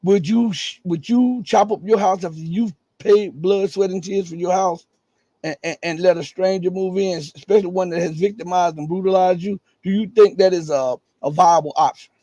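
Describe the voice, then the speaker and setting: Middle-aged male streamer, raspy and scratchy, pitched high, close and dry, pushes hard on rhetorical questions. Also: normal speed, mellow, no echo, lo-fi sound. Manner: emphatic, full of rhetorical questions. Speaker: live-stream news commentator. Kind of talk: live news commentary.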